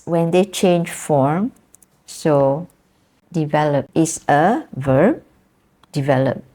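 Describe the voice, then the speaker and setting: Slow, gravelly Malaysian woman lecturer. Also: fairly low pitch, warm tone. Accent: Malaysian English. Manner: patient, repeats examples, checks understanding with tag questions. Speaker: university lecturer. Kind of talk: classroom lecture.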